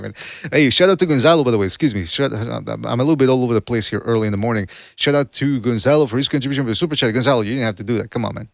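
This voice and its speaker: A man's voice: medium pitch, fast, creaky, dry recording. A man hosts a boxing podcast livestream in a loose, chatty way. He wanders between points and keeps restarting his sentences. His mid-range voice sits close to a dry, unroomy mic. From Canada. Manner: rambling, self-correcting, chatty. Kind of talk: casual livestream commentary.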